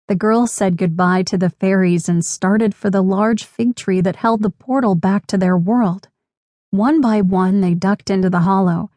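Woman narrator for a kids' audiobook: gentle, unhurried, close dry studio. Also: mid-range voice, no room sound. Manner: clear, gentle, measured. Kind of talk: scripted children's audiobook narration.

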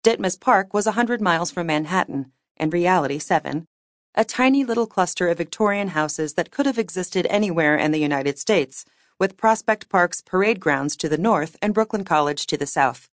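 A woman reading fiction aloud as an audiobook narrator, with measured, wry storytelling. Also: on the low side, lively intonation, no echo, clean studio sound. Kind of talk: scripted narration.

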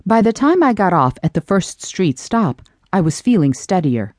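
Expressive woman narrating an audiobook, lowish voice, swoops a lot. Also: moderate pace, no echo, clean studio sound. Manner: expressive, animated reading. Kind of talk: first-person audiobook narration.

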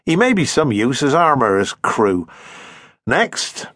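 Man playing a commanding ship's lieutenant, clipped orders, husky voice, dry close sound. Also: mid-range voice, very animated, slow, a bit bright, dry recording, heavily acted. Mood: brisk.

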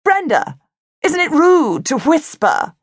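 A woman's voice: high-pitched, sing-song, slow, no room sound, clean studio sound, pitched above the performer's own voice, heavily acted. A woman voicing a bossy, prissy female fairy penguin in a children's storybook.

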